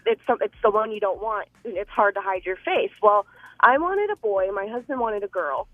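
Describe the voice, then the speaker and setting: A woman's voice: medium pitch, animated, moderate pace, dry recording. A woman, a young mother, calling into a radio show and chatting in a giggly, rambling way. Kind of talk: casual call-in chat. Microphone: phone. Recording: tinny phone line.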